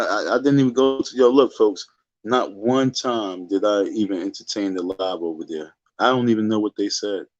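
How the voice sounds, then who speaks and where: Here the streamer's lowish, darkish voice comes through with the highs cut off. He is ranting casually on his livestream, repeating himself emphatically and dismissively stretching out his insistence.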